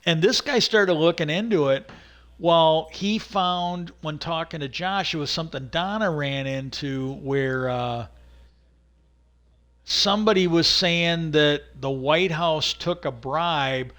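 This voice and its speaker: A man casually retelling a story as a livestream host, rambling and halting, with many "he goes" and filler words. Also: a little high, a bit bright.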